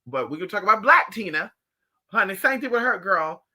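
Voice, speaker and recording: A spiritual teacher chatting casually with viewers on a live stream. They tell animated, profane stories and mock people with voiced impressions. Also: mid-range voice, a little fast.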